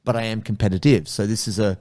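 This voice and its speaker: A man hosting a casual jiu-jitsu podcast chat, telling stories in an animated way and swearing freely. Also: lowish voice, quick pace. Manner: animated storyteller, swears casually, acts out quotes.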